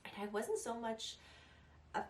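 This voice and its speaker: A woman's voice: a little high, very animated, a little slow, slight background noise. A young woman vlogging casual advice, chatty and rambling, laughing at herself. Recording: echoey room, a little distant.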